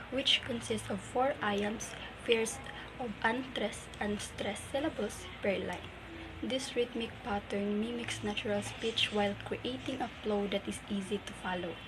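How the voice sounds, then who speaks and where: A woman reads a class presentation aloud, explaining each term in a steady way from her notes. Her voice sits a little high, and a clear hiss of background noise runs under the recording. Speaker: student presenter.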